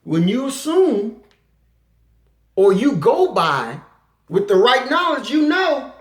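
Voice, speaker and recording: A woman giving an impassioned lecture, forceful and animated, slipping into acted quotes. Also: on the high side, slow, long pauses. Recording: roomy echo.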